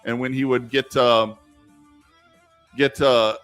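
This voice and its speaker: A man's voice: medium pitch, level tone, slow pace, a bit bright, clear, resonant tone, faint music behind. A man hosting a casual live stream while gaming, rambling with many fillers and turning emphatic when he argues.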